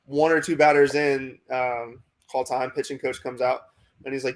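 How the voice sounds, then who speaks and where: Flat-toned young American man rambling. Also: mid-range voice, normal speed. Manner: rambling, many fillers like "like" and "um". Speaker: minor league pitcher, guest. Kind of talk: casual interview storytelling.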